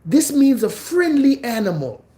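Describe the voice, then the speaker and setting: A man imitating a condescending man who explains away an insult in a high, mocking voice. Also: very animated, a little slow, dark tone, full character voice.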